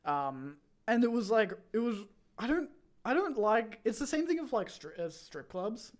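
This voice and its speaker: A man's voice: sits high, sing-song, moderate pace. A young man in his twenties, hosting a stream and rambling through a story with lots of fillers and restarts. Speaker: streamer host. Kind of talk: casual chat.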